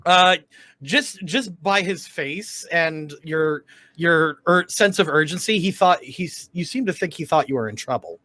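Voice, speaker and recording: A man narrates a comedy tabletop game as its dungeon master, quick to laugh and quick to slip into character accents. His voice sits a little high, and it is recorded close and dry, with no room around it. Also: lively intonation, bright, forceful tone, dry recording. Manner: laughs often, voices NPCs in shifting accents.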